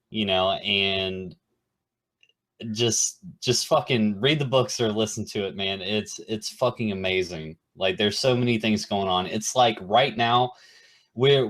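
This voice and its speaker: Chill guy with a lowish voice, talks slow, says dude a lot and swears. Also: fairly bright tone. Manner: laid-back, swears a lot, says "you know" and "dude". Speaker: podcast co-host. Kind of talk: casual chat.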